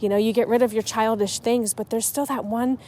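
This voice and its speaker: Mellow-voiced chatty woman podcaster. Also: on the high side, fairly even intonation, brisk, a little hiss or hum. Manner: chatty and emotional, with frequent restarts. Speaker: podcast host on writing. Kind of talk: casual solo podcast talk.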